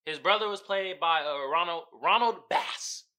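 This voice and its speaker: A man's voice: sits high, normal speed, pushed and bright. A man hosting a podcast, telling a story in a casual, profane, slangy way, often laughing and acting out the people he talks about. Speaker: podcast host. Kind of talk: casual comedic podcast monologue.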